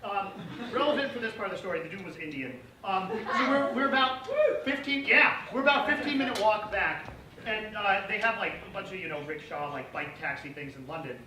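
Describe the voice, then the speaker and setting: A man's voice: high-pitched, animated, fairly quick. A young man telling a comic story on stage in a casual, profane way, laughing often. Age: young adult. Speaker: student performer. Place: auditorium stage with an audience. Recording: echoey hall, distant mic, noise.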